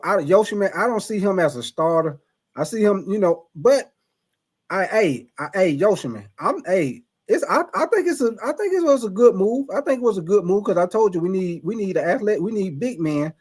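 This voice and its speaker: A man with a somewhat high voice hosts a laid-back live stream, answering viewers one by one. His talk is loose and conversational, full of restarts and stumbles over names. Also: expressive, a little fast, darkish tone. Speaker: live stream host reading chat. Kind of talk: casual live stream chat.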